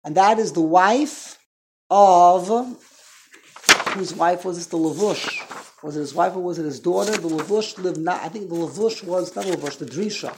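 Man teaching a lively Torah class. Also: high-pitched, moderate pace, noisy background. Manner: conversational, quizzes the class, self-correcting.

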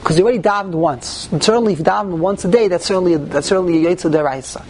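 A man's voice: high-pitched, very fast, a little mellow, a little hiss or hum. A man teaching a Talmudic-style lesson, mixing English with Hebrew and Yiddish terms and rising sharply on key points. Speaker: Torah teacher. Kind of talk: Talmudic lecture.

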